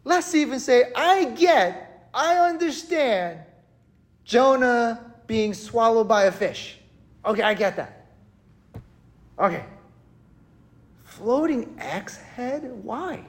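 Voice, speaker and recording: A preacher telling a story in a casual, conversational sermon, animated and chatty, often checking in with the listeners. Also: medium pitch, slow, long pauses. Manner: animated, chatty, keeps asking "right?". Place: church worship service.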